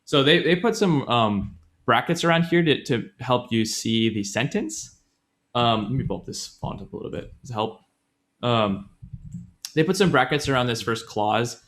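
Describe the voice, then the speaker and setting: A man's voice: medium pitch, a bit bright. Rambling man explaining grammar. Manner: rambling, self-correcting, many fillers; laughs often. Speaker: podcast co-host explaining Japanese grammar. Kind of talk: casual podcast chat.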